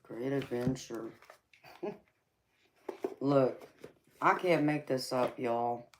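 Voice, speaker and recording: A woman with a Southern drawl hosts a laid-back live tarot stream and greets viewers as she pulls cards. Her voice sits very low, and she speaks slowly and easily. Loud background noise runs under everything. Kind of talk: casual live-stream chat and card reading.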